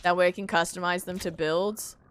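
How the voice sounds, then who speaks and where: Bright, clear-voiced woman streamer, unhurried. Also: on the low side, fairly even intonation. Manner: self-mocking, talks to herself while building. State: hiccups. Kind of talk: casual gameplay commentary.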